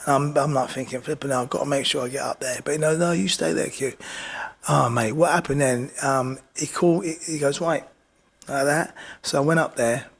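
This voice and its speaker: A middle-aged man tells his stories with lively energy, keeps checking in with his listener, and has a gravelly, creaky edge to his voice. He speaks at a medium pitch, relaxed and chatty, like a guest on a podcast. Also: fairly quick, few pauses. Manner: animated, repeats "do you know what I mean". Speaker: boxing coach and podcast guest. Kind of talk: casual storytelling.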